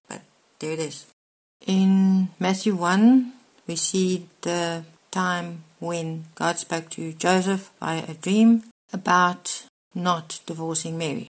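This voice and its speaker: A woman preacher giving a measured, explanatory Bible teaching monologue as part of her daily devotional messages. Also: lowish voice, poor audio. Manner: measured, explanatory, spells out words letter by letter.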